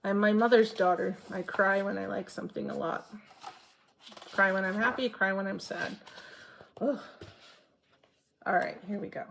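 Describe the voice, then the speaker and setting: Chatty woman with a gravelly edge. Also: medium pitch, normal speed, long pauses, fairly bright tone, a little hiss or hum. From Maine. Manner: chatty and earnest, rambling with self-corrections. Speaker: cross-stitch vlogger and teacher. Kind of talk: casual chat to camera.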